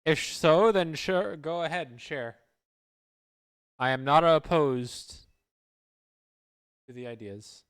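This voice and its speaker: A man's voice: a little high, takes it slowly, long pauses, smooth. A man chatting casually on a live stream, rambling and stumbling over repeated words.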